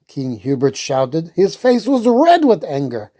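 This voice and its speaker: Slow expressive woman reading a story. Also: rumbling low. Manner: expressive, unhurried. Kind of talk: storybook read-aloud.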